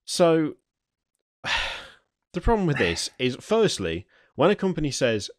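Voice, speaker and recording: A man's voice: a little high, very animated, slow, long pauses, no room sound, clean studio sound. A man hosting a gaming podcast, reading news items aloud and then ranting about them with stammering restarts. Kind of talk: news reading and casual chat.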